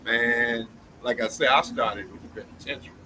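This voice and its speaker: A man's voice: mid-range voice, fairly even intonation, moderate pace, noisy background. A man who works as a counselor chatting casually, emphatic and often checking that he is understood. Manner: emphatic, keeps asking you know what I'm saying. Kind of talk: casual chat.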